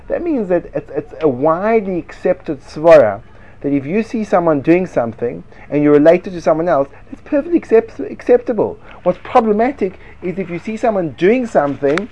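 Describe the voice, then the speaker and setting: A man leads a Torah discussion with a combative, questioning drive, pushing back with one rhetorical question after another. His voice sits a little high for a man, and he slips Hebrew and Yiddish study-hall words into his speech. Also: a little mellow. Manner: argumentative, fires rhetorical questions; sprinkles Hebrew and Yiddish yeshiva terms. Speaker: Torah teacher. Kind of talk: lively Talmudic-style discussion.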